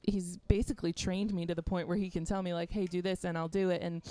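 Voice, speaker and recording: A woman's voice: on the low side, little pitch movement, fast talker, warm tone, no echo. A woman from Florida with a faint Southern accent, a backstage interviewer giving rambling, chatty answers full of fillers. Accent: faint Southern American.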